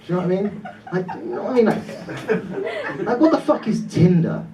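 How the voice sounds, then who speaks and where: A man from Britain doing stand-up crowd work, swearing and laughing as he fires off quick, self-interrupting banter. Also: high-pitched, sing-song. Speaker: stand-up comedian. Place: comedy club stage before a laughing audience. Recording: roomy club sound from a distance, dull.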